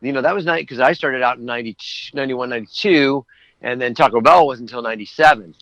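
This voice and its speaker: Man, voice actor guest, bright tone, dry close sound, rambling casual chat. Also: mid-range voice, quick pace, dry recording, poor audio. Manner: rambling, anecdotal.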